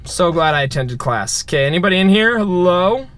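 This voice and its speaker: Brief: high-pitched male let's-player, jokey, shouts at scares. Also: a little fast. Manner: excitable, yelps and shouts at scares; joking, talks to viewers. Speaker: gamer. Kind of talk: let's play commentary.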